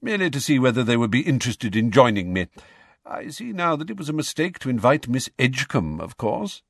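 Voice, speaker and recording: A man voicing a calm, wry, kindly old male wizard who speaks gently and pleasantly. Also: mid-range voice, fairly quick, gravelly, slightly rough, no room sound, clean studio sound, exaggerated voice.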